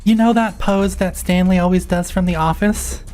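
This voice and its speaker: A woman's voice: lowish voice, fairly even intonation, moderate pace, dark tone, soft background music. A woman playing a tabletop game, describing her character's actions casually, with fillers. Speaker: player.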